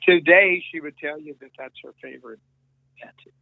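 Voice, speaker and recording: Male interview guest, rambling storyteller, dry phone-line audio, slightly higher voice. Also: a little fast, vocal fry, dry recording. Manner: rambling, many restarts and quoted dialogue. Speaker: guest musician.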